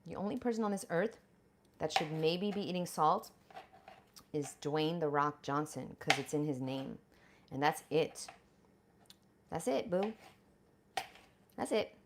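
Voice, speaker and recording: A woman's voice: sits low, lively intonation, unhurried, long pauses, noisy background. A woman vlogger chatting bluntly and profanely with viewers while preparing food in her home kitchen. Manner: chatty, addresses viewers directly. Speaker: raw vegan lifestyle vlogger. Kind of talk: casual livestream chat while cooking.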